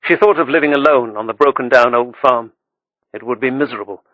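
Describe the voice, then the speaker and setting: A man reading an audiobook with steady, measured storytelling. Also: medium pitch, no echo, muffled recording. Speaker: audiobook narrator. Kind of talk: scripted audiobook narration.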